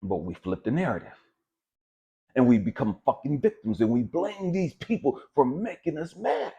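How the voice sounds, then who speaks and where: A man delivers a blunt, profane motivational monologue, repeating his points for emphasis. His voice is husky and fairly high, with a lively, swinging pitch. The recording sounds dull and lo-fi. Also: moderate pace. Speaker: spiritual motivational speaker.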